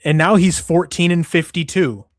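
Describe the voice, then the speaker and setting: Brief: a fed-up male stream host who swears constantly, set a bit high and recorded dry. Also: moderate pace, no room sound. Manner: profane, exasperated ranting. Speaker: MMA show host. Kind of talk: casual livestream commentary.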